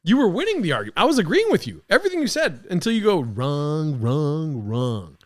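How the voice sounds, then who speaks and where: Young man, podcast host, high voice, swooping lively delivery, profane mock-outraged rant. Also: racing. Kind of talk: casual reaction commentary.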